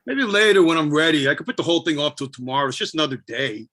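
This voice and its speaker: A man's voice: fairly high pitch, lively intonation, very fast, fairly bright tone. A man giving a spoken-word poetry performance, brooding and self-questioning with a wry edge. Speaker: poet.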